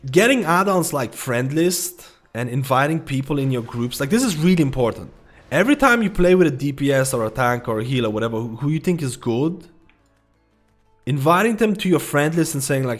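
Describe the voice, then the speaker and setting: A man's voice: mid-range voice, big pitch swings, a little fast, faint music behind. A man livestreaming a game, giving rambling, repetitive advice in casual talk, swearing and saying "dude" and "man" a lot. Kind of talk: casual gaming commentary.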